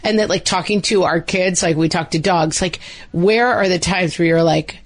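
A woman's voice: lowish voice, moderate pace. Woman, podcast co-host, chatty, rambling, lots of fillers, casual parenting talk.

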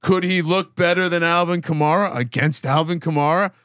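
A man's voice: a little high, steady tone, a little fast, fairly bright tone, no echo. A man hosting a casual sports betting chat, teasing his co-host as he reads the lines.

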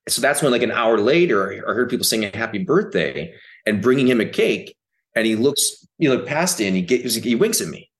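A man who is an actor, a guest on a podcast, telling stories in a loose, profane, animated way. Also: medium pitch, fairly quick. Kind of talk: casual interview chat.

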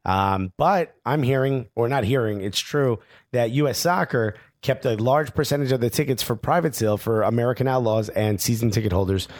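A man's voice: mid-range voice, no room sound. Teasing podcast man, dry close sound. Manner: teasing, provocative, quick with jokes. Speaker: podcast co-host. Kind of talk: casual chat.

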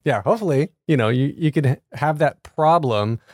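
A man hosting an interview, curious and enthusiastic, quick to laugh with his guest. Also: on the high side, dry recording, clean studio sound. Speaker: podcast host. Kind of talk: casual interview chat.

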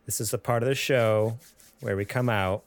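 A man hosting a podcast, joking around in casual chat with frequent halting restarts. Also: mid-range voice, fairly even intonation, dry recording. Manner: jokey, rambling, halting restarts. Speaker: podcast host.

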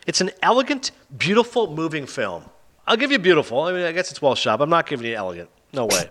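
A man hosting a casual chat, retelling film plots and reviews with an animated, sarcastic manner. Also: fairly high pitch, quick pace. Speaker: podcast host reviewing films.

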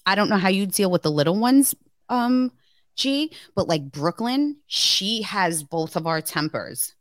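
A woman's voice: mid-range voice, animated, measured pace, no echo, clean studio sound. A woman co-hosting a podcast in casual chat, frank and blunt, swearing freely. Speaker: podcast co-host.

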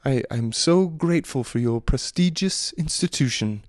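A man's voice: medium pitch, moderate pace, no room sound, clean studio sound, close to an everyday voice. A man voicing a snooty, wealthy parent in a put-on hoity-toity accent, formal and haughty.

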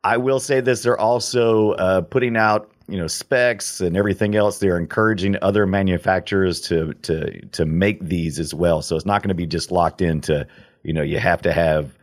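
A man's voice: low voice, fairly even intonation, normal speed. A man co-hosting a casual chat about games, blunt and opinionated, joking with his co-host. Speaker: podcast co-host. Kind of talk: casual live-streamed chat.

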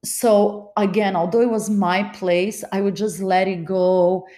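A woman's voice: medium pitch, steady tone, unhurried, mellow, echoey room. A woman from Los Angeles hosting a podcast, telling a personal story in a candid, wry, confiding way. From Los Angeles, California. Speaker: podcast host.

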